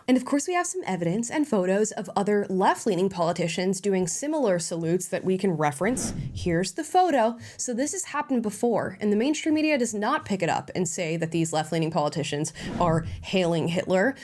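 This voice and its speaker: A woman delivers opinionated political commentary at a mid-range pitch. Her reactions are pointed and sarcastic. She leans hard on key words for emphasis.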